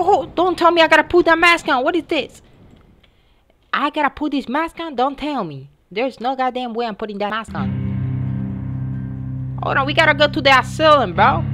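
A young woman commenting on a horror game as she plays it, excitable and casually swearing, often yelling at what happens on screen. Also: high voice. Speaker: gamer, channel host. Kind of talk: let's play commentary.

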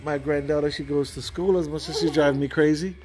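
A man's voice: a little high, fairly even intonation, fairly quick. An older man in a casual home vlog, talking in a rambling way with lots of "you know" fillers. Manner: rambling, with frequent fillers and tags. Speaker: vlogger.

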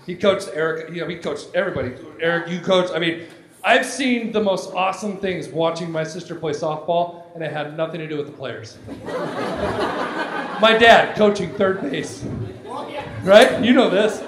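A man doing live stand-up comedy, chatty and animated, bantering with the audience. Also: high-pitched, normal speed. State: winded from yelling. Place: large hall at a benefit show. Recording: echoey hall, noisy crowd.

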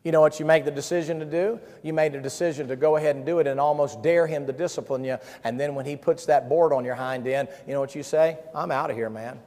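A man's voice: fairly high pitch, fairly even intonation, fast, few pauses, darkish tone. A male pastor, preaching a sermon with emphatic, repeated phrases. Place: camp-meeting hall. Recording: reverberant hall.

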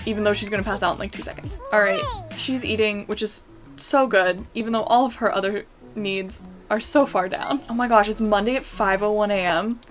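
A young woman giving casual commentary on a life-sim game, excitable and anxious, talking to the characters on screen. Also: mid-range voice. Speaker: gaming YouTuber.

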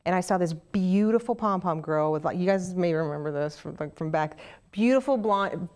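A middle-aged woman from Oklahoma with a Southern Oklahoma accent, telling stories in a casual interview, animated and chatty with many restarts. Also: fairly low pitch, normal speed, clean tone. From Oklahoma, USA. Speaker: interview guest, actress.

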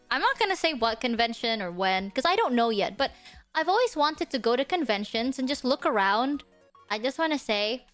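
A woman vtuber streamer chatting casually and rambling with lots of fillers and laughs, sometimes dropping to a whisper. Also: high-pitched. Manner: drops to a hushed whisper at times. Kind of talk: casual livestream chat.

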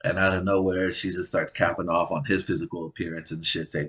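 A man's voice: low voice, flat delivery, brisk, few pauses, a bit bright, husky. A man telling a profane, rambling comedic recap of a reality show, swearing constantly and laughing at his own jokes.

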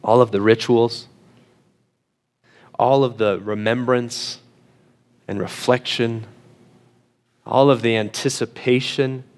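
A man preaching a sermon in an emphatic way, slowing down and dropping to a hush on key phrases, sometimes repeating words as he restarts. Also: mid-range voice, fairly even intonation. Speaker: pastor.

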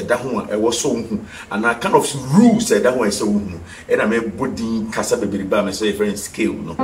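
A man's voice: medium pitch, recorded from a distance, slight background noise. Ghanaian man teaching piano, roomy sound. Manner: repeats key terms and quizzes the viewer. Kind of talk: TV music lesson, mixing English and Twi. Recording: echoey room, voice from off the mic. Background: piano notes.

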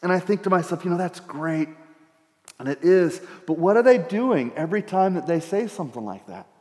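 Middle-aged male pastor, slightly high voice, chatty sermon delivery with stumbles and repeats, echoing church hall. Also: expressive, fairly quick, darkish tone. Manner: conversational, repeats words while thinking aloud. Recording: church hall with long reverb.

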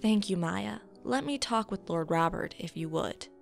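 Woman reading as a gentle young noblewoman, soft and soothing, ordinary middle pitch, faint music under it. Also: expressive, normal speed, gravelly.

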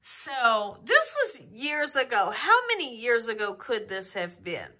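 A woman with a fairly high voice, big swings in pitch and a sharp tone speaks slowly and emotionally, drawing out her words. She's a cooking channel host sharing heartfelt thoughts in a casual home vlog, with the camera held very close to her face.

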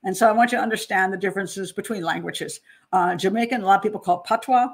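A woman's voice: mid-range voice, fast talker. A woman in her sixties from New Jersey, a criminal profiler hosting her channel and talking casually about a case in a chatty, self-deprecating way. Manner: chatty, self-deprecating, with frequent laughs and restarts. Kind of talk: casual monologue on a true-crime case.

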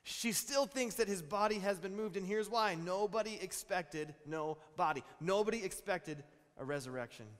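A pastor in his thirties preaching a sermon, telling stories with animated, repeated phrases. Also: high voice, normal speed. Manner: animated storytelling with repeated words. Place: large church hall. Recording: long reverb in a church hall.

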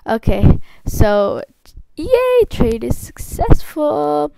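A woman hosting her gaming channel, giving gushing, excitable commentary and squealing often. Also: sits high, extremely slow, gravelly. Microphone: faulty mic. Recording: noisy faulty home mic.

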